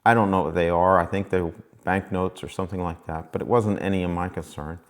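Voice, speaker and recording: Man, fairly low voice, rambling folksy storyteller, motivational vlog. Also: fairly even intonation, fairly quick. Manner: rambling, folksy, repeats himself. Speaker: vlogger.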